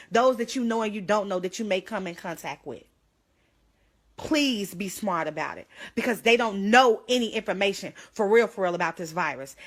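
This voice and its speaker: A young woman talks straight into her phone on a livestream. Her voice is urgent and pleading, close to tears at times, and sits at an ordinary middle pitch. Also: a bit bright. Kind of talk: emotional livestream plea.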